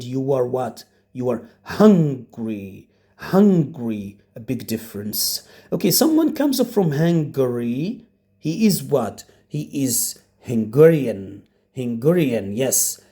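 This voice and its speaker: Slow, lively male teacher. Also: fairly high pitch. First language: Arabic. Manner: drills each word by repeating it several times; asks the class questions and answers them himself. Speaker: English teacher. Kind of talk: beginner language lesson.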